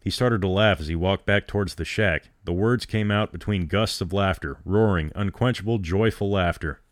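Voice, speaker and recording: Deep-voiced man reading a story. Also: normal speed, no echo, clean studio sound. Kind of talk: reading a short story aloud.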